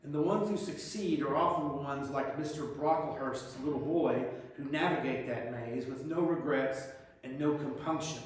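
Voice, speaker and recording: A man giving a plainspoken, direct personal reflection to a congregation. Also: mid-range voice. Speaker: lay speaker giving a reflection. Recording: very echoey hall, mic far off.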